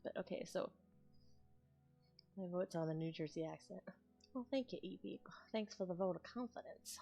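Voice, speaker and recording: A woman's voice: fairly low pitch, normal speed, gravelly, soft background music. A woman chatting casually on a stream as an ASMR creator, thinking aloud and rambling. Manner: rambling, thinks aloud with restarts and soft laughs. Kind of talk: casual live-stream chat.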